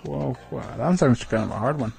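A man hosting a radio segment, slowly teaching words of the day and repeating each one with care. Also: mid-range voice, creaky, a little mellow, faint music behind. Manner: slow, repeats words carefully, chuckles at himself. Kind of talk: casual language lesson on radio.

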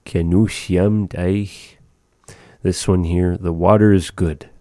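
Deep-voiced, slow man teaching words. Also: no room sound, clean studio sound. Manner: relaxed, chatty, repeats words slowly. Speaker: language teacher. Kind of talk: casual language lesson.

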